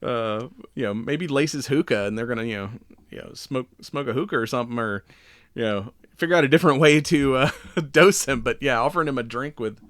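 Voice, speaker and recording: A man's voice: mid-range voice, fairly quick, no room sound, clean studio sound. A man co-hosting a podcast, recapping a show in a rambling, laid-back way with frequent laughs. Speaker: podcast co-host. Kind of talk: casual chat.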